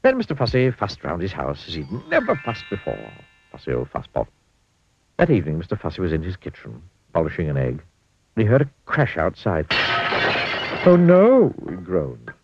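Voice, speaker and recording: Low-voiced male storybook reader, lively and playful, dull lo-fi sound. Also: fast, vocal fry, noisy background. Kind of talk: reading a children's storybook aloud.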